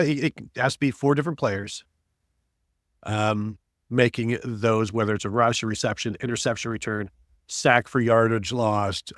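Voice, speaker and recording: A man's voice: fairly low pitch, no echo, studio quality. A man hosting a sports podcast with playful, teasing banter. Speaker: podcast host.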